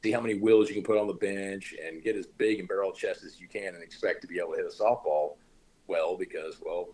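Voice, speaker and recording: A man with a very low, husky voice talks through a casual podcast conversation. He drawls out advice like a coach, heavy on slang and easygoing asides. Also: steady tone, fast talker, a little mellow, rough recording. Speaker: podcast host.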